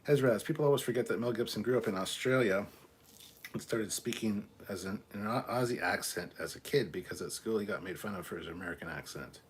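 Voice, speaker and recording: A man's voice: lowish voice, brisk, slight background noise. A man hosting a casual live stream, reading viewer comments aloud and answering offhand, sometimes swearing. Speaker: livestream host reading chat.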